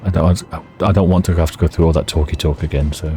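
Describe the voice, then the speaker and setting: A man's voice: very deep voice, fairly even intonation, quick pace, warm tone, soft background music. A man hosting a game playthrough, casually reading the game's text aloud and muttering asides. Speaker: gameplay host.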